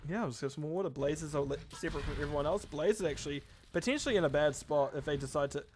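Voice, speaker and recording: A man casting a live esports match with quick, chatty play-by-play commentary, often correcting himself mid-sentence. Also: a little high, background noise. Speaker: esports caster.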